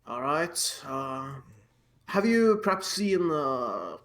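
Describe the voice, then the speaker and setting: A man's voice: a little high, big pitch swings, slow, a bit bright. A man playing a tabletop game, talking casually and stumbling over his words. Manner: hesitant, stumbling over words, laughs often. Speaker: player.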